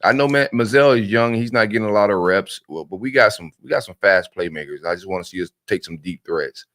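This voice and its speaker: A man co-hosting a sports podcast, talking fast and excitedly in casual chat, often repeating words. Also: fairly low pitch, dry recording, studio quality. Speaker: podcast co-host.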